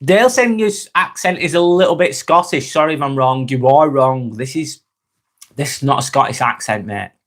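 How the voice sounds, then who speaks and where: Speaking at normal speed and medium pitch, a Lancashire-accented man from North West England hosts a casual live stream. He works through viewer comments, chuckling regularly and calling everyone mate.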